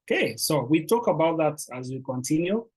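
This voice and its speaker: A language teacher giving a beginner lesson, patiently repeating words slowly and encouraging the learners. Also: medium pitch, expressive, darkish tone, breathy edge, low-quality recording.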